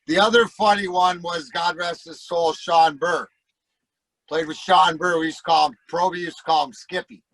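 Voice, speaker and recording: Profane, animated middle-aged man telling stories. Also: fairly high pitch, no echo, rough recording. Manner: profane, animated storyteller acting out voices. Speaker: guest, former hockey player. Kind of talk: casual storytelling.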